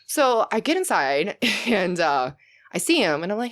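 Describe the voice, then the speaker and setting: A young woman, a podcast guest, telling stories in casual chat, animated and laughing, sometimes shouting as she acts out what she said. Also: fairly low pitch, fast. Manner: animated, laughing, swings into loud shouted retellings.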